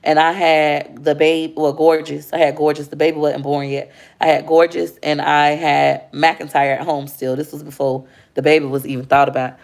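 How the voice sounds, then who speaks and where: A woman speaks candidly to her livestream viewers about motherhood. Her voice sits low with a gravelly fry. She talks with heartfelt openness and calls the audience y'all. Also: little pitch movement, moderate pace. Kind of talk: emotional personal storytelling on a livestream.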